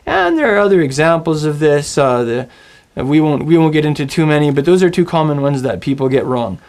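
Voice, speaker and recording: A man teaching a recorded Hebrew lesson, friendly and encouraging, saying words slowly and getting the listener to repeat them. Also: on the high side, big pitch swings, a little mellow. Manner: friendly, encouraging, models pronunciation aloud.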